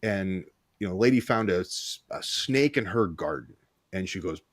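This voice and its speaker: A man's voice: sits low, lively intonation, no room sound. Man rambling through a story, dry sound. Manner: halting, repeats words and restarts, many "you know"s. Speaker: co-host hypnotist. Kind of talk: casual storytelling.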